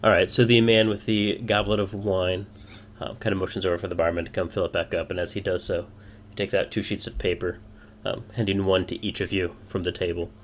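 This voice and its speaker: A man's voice: sits low, little pitch movement, brisk, a little hiss or hum. A man running a tabletop game as dungeon master, narrating casually with plenty of fillers.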